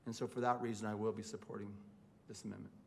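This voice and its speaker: A man's voice: lowish voice, flat delivery, fast, vocal fry, a little hiss or hum. A man speaking as a city councillor, making an earnest, plain-spoken case in a formal council debate from a council chamber desk microphone.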